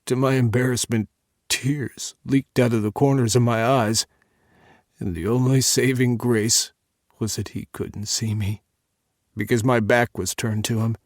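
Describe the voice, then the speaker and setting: A man narrating a first-person audiobook in a measured, intimate reading on a close studio mic. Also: medium pitch, fairly even intonation, no echo.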